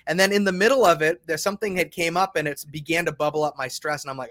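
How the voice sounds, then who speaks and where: A man's voice: on the high side, steady tone, quick pace, hardly any pauses, fairly bright tone, no room sound. A middle-aged man hosting a casual faith podcast, rambling and repeating words as he thinks aloud. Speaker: podcast host.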